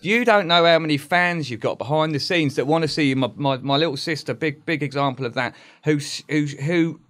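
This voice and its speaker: A man's voice: on the high side, a little fast, a bit bright. A man, telling a raw personal story on a podcast, swearing freely and trailing off mid-sentence. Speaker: podcast guest.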